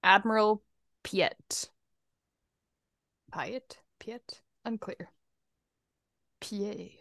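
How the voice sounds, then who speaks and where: A woman co-hosting a podcast, chatting casually through a guessing game, animated and quick to laugh and exclaim. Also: mid-range voice, creaky, dry recording. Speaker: podcast co-host.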